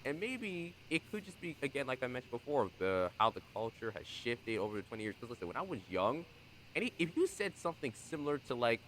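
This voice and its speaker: A young man hosting a podcast in casual conversation, animated and acting out the voices he quotes. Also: medium pitch, fairly quick, a little hiss or hum, low-quality recording. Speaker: podcast host.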